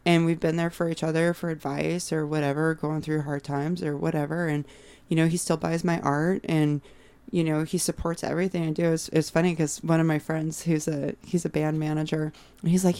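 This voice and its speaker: A woman in her thirties, a guest musician in casual podcast chat, animated and swearing freely as she acts out what friends said. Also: sits low, brisk, clean tone. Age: 30s.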